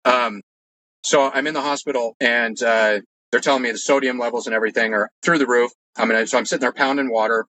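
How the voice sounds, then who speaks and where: A man's voice: medium pitch, steady tone, fairly quick, bright, forceful tone, rough recording. A man telling his own story as an interview guest, earnest and rambling, with lots of "like" and restarts. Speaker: guest recounting personal experiences. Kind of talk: casual storytelling.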